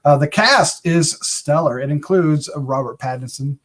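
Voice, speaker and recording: A cheerful man hosts a casual movie review podcast, laughing often between his lines. His voice sits slightly higher than most men's. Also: unhurried. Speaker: podcast host.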